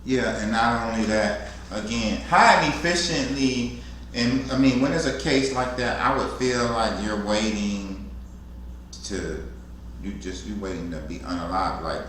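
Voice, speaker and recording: Relaxed male co-trainer, faint background hiss. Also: on the low side, a little slow. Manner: relaxed, conversational, colloquial. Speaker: security co-trainer. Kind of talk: casual instructional talk. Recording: very echoey room, faint noise.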